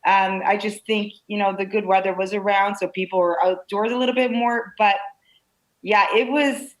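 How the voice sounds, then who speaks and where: A woman answers interview questions in an open, animated way, tumbling through stories with frequent restarts. Her pitch sits mid-range, neither high nor low. She talks like a real estate broker-owner speaking from a video call. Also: normal speed, rough recording. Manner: animated, candid storytelling with many restarts.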